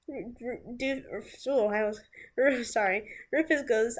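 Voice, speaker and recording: A woman's voice: fairly high pitch, slow pace, husky. A woman vlogger telling a personal story in a casual, candid way, often stopping to restart her sentences. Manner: casual and candid, breaks into laughs and sighs, restarts. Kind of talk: storytime vlog.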